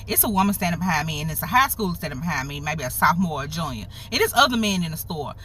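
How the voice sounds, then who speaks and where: Woman in her thirties, storytime, fast, lively pitch, bright voice, sassy and profane. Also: faint music behind. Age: 30s. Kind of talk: storytime vlog.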